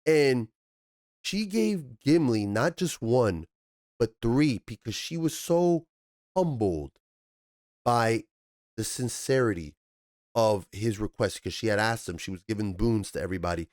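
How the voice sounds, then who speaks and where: Man, TV review host, middle-pitched voice, animated and profane, exasperated high outbursts, dry close sound. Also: measured pace, dry recording. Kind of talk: ranting TV review commentary.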